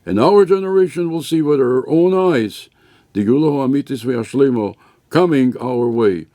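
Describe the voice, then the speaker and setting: A man's voice: mid-range voice, lively intonation, moderate pace, warm tone. A man teaching a Torah class as a rabbi, telling stories with emphatic repetition. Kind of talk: sermon-style Torah class.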